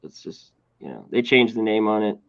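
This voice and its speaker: A man co-hosting a sports radio show, talking in a relaxed, laid-back way. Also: on the low side, normal speed, creaky, highs cut off. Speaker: co-host and golf analyst. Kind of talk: casual sports radio chat.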